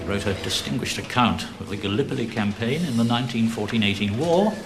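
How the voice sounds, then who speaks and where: An actor playing a teacher who lectures his class in a lively way, with hesitant fillers. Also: medium pitch, a little fast, over loud music, lightly acted. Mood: lecturing. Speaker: older teacher. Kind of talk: television drama acting.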